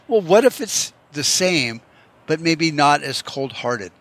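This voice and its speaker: A man's voice: on the high side, lively intonation, measured pace, a bit bright. Profane rambling man musing aloud. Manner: profane, musing, rhetorical what-ifs. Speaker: vlogger. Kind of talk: rambling casual monologue.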